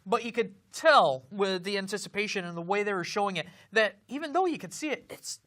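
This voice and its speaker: A man co-hosting a film review show, chatting casually and joking, often pausing with fillers. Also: high-pitched, animated, a bit bright.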